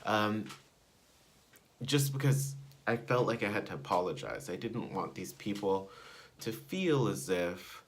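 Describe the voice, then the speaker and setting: A man's voice: lowish voice, lively intonation, unhurried. A young man vlogging a personal story, rambling and digressing with many fillers. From United States. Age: young adult.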